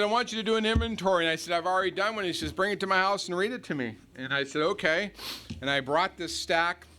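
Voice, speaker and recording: A man's voice: sits high, background noise. An American man speaking at a recovery meeting, bluntly telling his own story to a live audience and acting out heated back-and-forth talk. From United States. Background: faint audience laughter.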